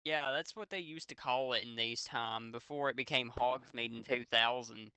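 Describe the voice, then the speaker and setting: An Australian man voicing a secretive, moody teenage goth boy in a deadpan comedic reading. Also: medium pitch, moderate pace, clean tone, no echo, lightly acted. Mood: brooding.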